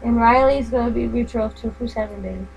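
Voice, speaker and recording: Older lady rambling while she crafts, kinda high voice, a little hum behind. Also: a little fast, creaky, a little mellow, low-quality recording. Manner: rambling, chatty, trailing off. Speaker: craft vlogger. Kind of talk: casual chat while crafting. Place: home craft room.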